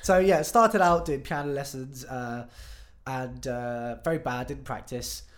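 A man's voice: mid-range voice, measured pace. A young man, a musician guest, chatting casually on a podcast, swearing freely and laughing easily.

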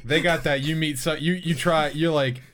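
A man's voice: a little high, steady tone, moderate pace, fairly bright tone, slight background noise. Young man telling rambling gaming jokes. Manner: joking storyteller, loose rambling delivery. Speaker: podcast co-host. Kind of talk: casual gaming chat.

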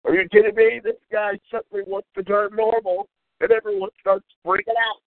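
This host's voice is high and gravelly, with a level tone and fairly quick pace, as he fires off an angry, profane, mocking monologue on call-in radio. Tinny, phone-like audio, no room sound.

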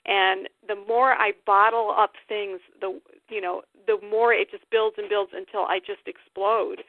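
A woman of middle pitch shares her feelings on a group call, candid and emphatic, with a laugh here and there. Her voice comes through dry and thin, like a phone line. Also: level tone, a little slow, no room sound. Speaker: call participant. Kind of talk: casual personal sharing.

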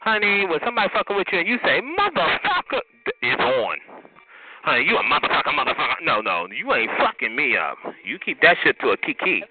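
A man's voice: fairly high pitch, sing-song, fast talker, hardly any pauses. A man hosting a community call-in show, delivering a heated, profane, taunting rant at a caller, sprinkling in "honey" and "bitch.". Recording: noisy phone-line audio.

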